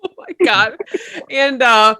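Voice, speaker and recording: A woman panelist on a casual podcast roundtable, with a high, bright voice. She jokes and giggles between lines, and the room sound is dry and close. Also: animated, slow pace, no room sound. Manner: joking, giggly.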